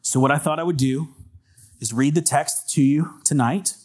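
High-voiced man preaching a sermon. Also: normal speed, a little mellow. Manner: earnest preaching, reads scripture aloud, asks congregation for amens. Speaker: pastor. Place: church with congregation.

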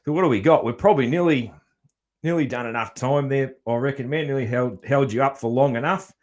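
A man's voice: medium pitch, fairly quick. An Australian man hosting a podcast, chatting casually and laughing easily between easygoing fillers. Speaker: podcast host. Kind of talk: casual interview chat.

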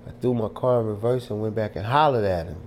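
A man's voice: fairly low pitch, fast talker, darkish tone, a little hiss or hum. Emphatic preacherly man from Louisiana. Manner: preacherly, emphatic, streetwise humor. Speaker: guest. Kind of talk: candid storytelling interview.

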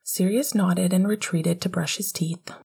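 A woman narrates an audiobook in a soft, half-whispered delivery. Her voice is husky and mellow, and it sits slightly low. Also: fairly even intonation, unhurried.

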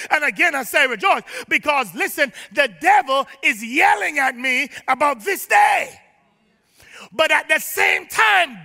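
In a church sanctuary, a male pastor delivers an emphatic sermon, swinging from shouts down to low asides and calling for the congregation to respond. His voice carries vocal fry, and the sound is that of a large hall.

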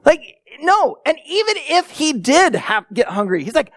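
A middle-aged man delivering a sermon with a lively, swooping delivery, acting out voices as he tells stories. His voice is close and dry, with no room sound around it. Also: very high-pitched, moderate pace, dry recording. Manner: animated storytelling with acted-out quotes. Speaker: pastor.

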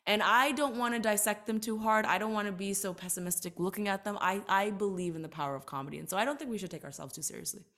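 On a podcast, a female guest in her thirties who works as an entertainer and author talks in a medium-pitched, slightly bright voice. She speaks earnestly and reflectively, emphasizing points quickly.

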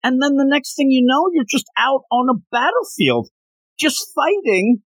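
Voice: high voice, very animated, normal speed, dry recording. A podcast co-host in casual chat, animatedly retelling comic panels and joking about them.

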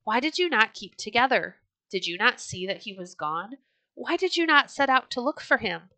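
A woman's voice: a little high, big pitch swings, moderate pace, sharp tone, dry recording, pitched above the performer's own voice. A woman reading the part of Leif, a bold young Norse leader, in a storybook. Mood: angry. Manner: firm and earnest storybook delivery.

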